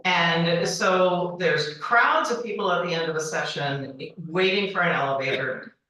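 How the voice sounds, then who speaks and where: 40s woman doing a slow, bouncy storytelling speech at a banquet, bright voice, big echoey hall, mic kinda far. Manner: animated, acts out dialogue with high-pitched quoted voices. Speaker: banquet speaker. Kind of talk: humorous personal storytelling speech.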